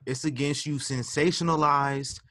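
Bright-voiced rambling male podcaster. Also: a little high, fairly even intonation, moderate pace, dry recording, studio quality. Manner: rambling, stumbles and restarts, many ums. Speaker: podcast host. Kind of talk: casual podcast chat.

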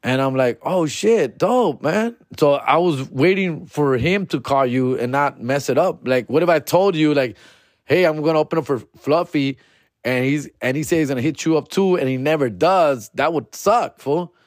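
A man's voice: on the high side, moderate pace, no room sound. A man telling a story as a podcast host. He talks casually and profanely with plenty of slang, acting out his own quoted reactions.

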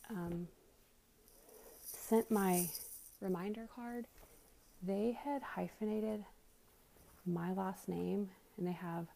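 Breathless woman with a gravelly mellow voice. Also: on the low side. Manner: rambling, with many fillers and sighs. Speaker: vlogger. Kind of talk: casual chat while cleaning. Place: home living room.

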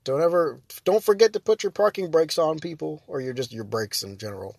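A man's voice: a little high, a little fast, vocal fry, a little mellow, no echo. A man hosting his own podcast, chatting casually and rambling, breaking off mid-sentence and laughing often. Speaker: podcast host. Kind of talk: casual solo podcast chat.

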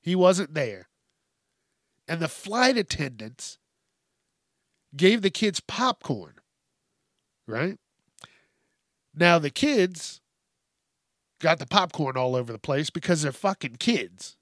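A man's voice: fairly high pitch, big pitch swings, slow pace, pauses often, a bit bright, dry recording, clean studio sound. A man hosting a comedic news podcast, ranting with heavy swearing, exasperation and bursts of laughter. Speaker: podcast host.

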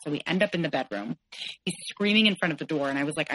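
A woman in her forties speaks in a low voice. She retells a hard stretch of her life with candor, quoting the people involved. She talks as a podcast guest. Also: racing, fairly bright tone, poor audio. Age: 40s. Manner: candid, tense retelling, quotes others in shifting voices. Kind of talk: personal story in an interview.

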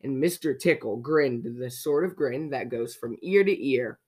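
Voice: medium pitch, normal speed, darkish tone, slightly rough. A storyteller reading a children's picture book aloud, playfully asking young listeners questions along the way.

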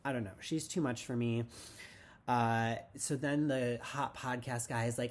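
A man's voice: mid-range voice, steady tone, unhurried, slight background noise. Rambling sarcastic male podcaster. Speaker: podcast host. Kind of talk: casual TV recap podcast.

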